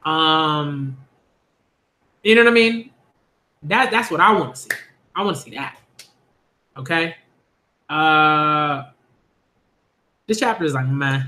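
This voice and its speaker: A man rambles through a casual reaction stream, circling back on himself with likes and you-know-what-I-means. His voice sits high and bright, edging on tense. The room around him rings with echo. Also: takes it slowly, long pauses. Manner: rambling, repetitive fillers, bursts of high laughing excitement. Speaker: manga reaction youtuber.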